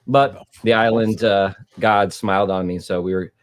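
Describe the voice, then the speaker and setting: A man, a podcast co-host and high school teacher, chatting casually and laughing often. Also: fairly even intonation, moderate pace. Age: adult, high school teacher.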